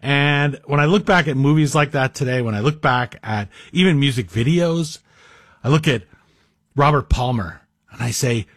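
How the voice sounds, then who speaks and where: A man's voice: mid-range voice, moderate pace, fairly bright tone, no room sound. A man guest-hosting a talk radio show, speaking in a rambling, self-deprecating, conversational monologue into a studio microphone.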